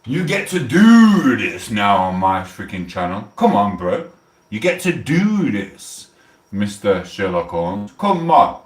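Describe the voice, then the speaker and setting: Far from the mic in a roomy space, a middle-aged South Yorkshire man from England chats on a livestream with a low-ish, sing-song voice at a slow pace. He's blunt, swears, and puts on mock outrage.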